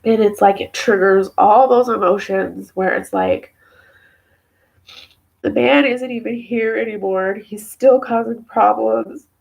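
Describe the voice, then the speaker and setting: Tearful woman venting, with a gravelly edge. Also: mid-range voice, fairly even intonation, unhurried, darkish tone, rough recording. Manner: rambling, venting with many fillers. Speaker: mother talking to camera. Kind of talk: emotional personal vlog.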